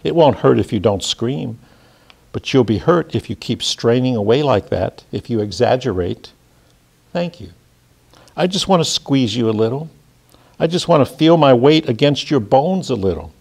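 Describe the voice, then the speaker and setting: Man reading a menacing seducer, insistent, repetitive, pitch creeping upward. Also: lively intonation, moderate pace, creaky, darkish tone, husky.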